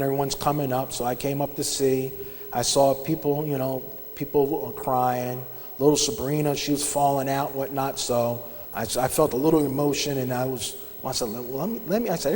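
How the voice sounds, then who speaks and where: A man in his fifties giving a personal testimony in church, telling his story conversationally with frequent pauses and restarts. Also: mid-range voice, darkish tone. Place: church sanctuary. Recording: long reverb of a large church hall.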